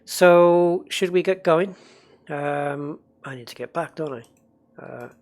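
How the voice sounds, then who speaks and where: Medium-pitched, slow, and a little mellow, the voice belongs to a livestreamer who wanders through chatty talk during gameplay. Comments from the audience get read aloud and responded to.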